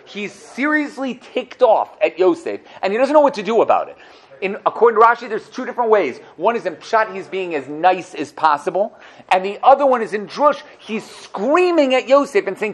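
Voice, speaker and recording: A man teaching a Torah lesson, animated, acting out the quotes he cites and asking his listeners questions. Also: sits high, brisk.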